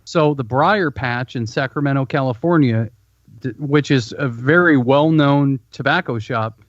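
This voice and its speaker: A man's voice: mid-range voice, measured pace, no echo, dull audio. A man co-hosting a podcast, teasing his co-host bluntly in casual chat, often restarting his sentences. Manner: blunt, teasing, hesitant starts.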